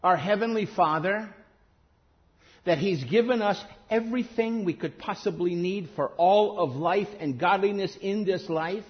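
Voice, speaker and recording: A man preaching a sermon emphatically, rising to stress key words and then dropping low and quiet. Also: measured pace, highs cut off.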